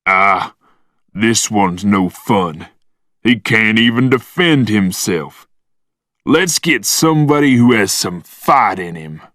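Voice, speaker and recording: A man's voice: fairly low pitch, animated, fairly bright tone, no room sound, clean studio sound. A man voicing a large cruel man who bullies a child. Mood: menacing. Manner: menacing, slow, sneering. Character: cruel big bully man.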